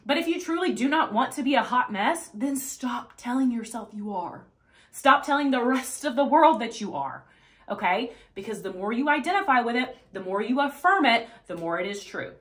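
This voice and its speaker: A woman fitness coach talks straight to the camera in a casual motivational vlog, cursing freely and hammering her points home. Her voice sits fairly high and sounds bright and forceful. She keeps tagging her lines with "okay?" and "right?". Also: lively intonation, moderate pace. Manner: blunt and profane, emphatic; repeats "okay?" and "right?" to check in.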